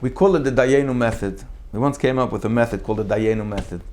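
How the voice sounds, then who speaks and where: A man giving a Torah sermon in a lively storytelling way, acting out quotes with big jumps in his voice. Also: quick pace, a little hiss or hum. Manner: animated, acts out quotes with big pitch jumps. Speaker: rabbi giving a Torah class.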